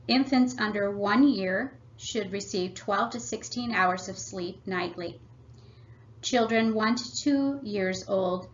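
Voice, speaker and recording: Reading from a script, a woman presenting a family workshop on parenting speaks at an ordinary pitch in a measured, instructive tone. The recording has a slightly dull, lo-fi quality.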